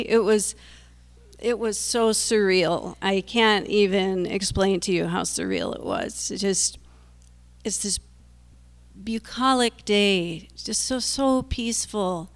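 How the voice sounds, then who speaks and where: A woman's voice: medium pitch, slow pace. A middle-aged woman telling a personal story to an audience, earnest and anxious, a self-described worrier. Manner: breaks into nervous laughs.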